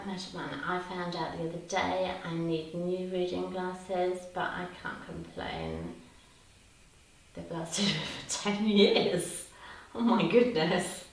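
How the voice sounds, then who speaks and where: Woman in her 50s, low voice, live-chat host who reads out comments and laughs a lot; distant mic in an echoey room with faint hiss. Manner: chatty, laughs often, answers comments warmly. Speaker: livestream host. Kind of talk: casual livestream chat reading viewer comments.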